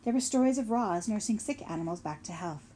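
A woman narrating a children's novel in a steady storytelling manner. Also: medium pitch, fairly quick, a little hiss or hum. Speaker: audiobook narrator. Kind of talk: scripted narration.

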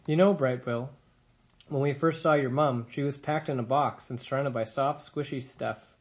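A man's voice: medium pitch, moderate pace, lightly acted. A man voicing a big, chatty female otter in a storybook reading, cheerful and talkative.

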